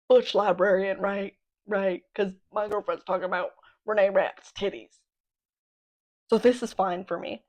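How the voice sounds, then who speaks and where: Excitable young woman telling a story. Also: medium pitch, measured pace, poor audio. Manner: excitable, exclamatory, playful self-mocking. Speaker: podcast host. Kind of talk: casual storytelling chat.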